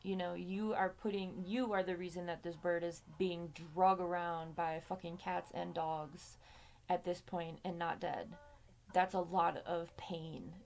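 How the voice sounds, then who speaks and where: A woman's voice: on the low side, fairly even intonation, measured pace, gravelly, a little mellow. A woman telling a story to her camera in a casual, chatty way, swearing freely and laughing between lines. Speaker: vlogger.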